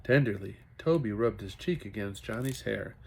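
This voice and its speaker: A man's voice: fairly low pitch, animated, normal speed, creaky, breathy edge. A man reading a children's novel aloud as a hobby, with occasional self-corrections. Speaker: reader.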